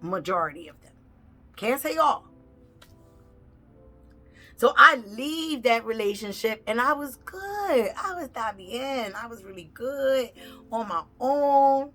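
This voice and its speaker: A woman telling a personal story in a blunt, heavily profane way, animated and acting out the people in it. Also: a little high, slow pace, long pauses, soft background music. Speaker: tarot reader and vlogger.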